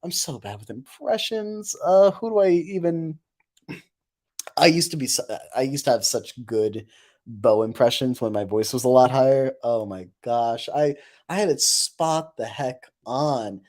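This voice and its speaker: A woman who streams and does voice acting chats casually on a live stream in a mellow, bass voice at a measured pace. She rambles with self-deprecating humor, and her voice sounds a bit worn and tired from overuse.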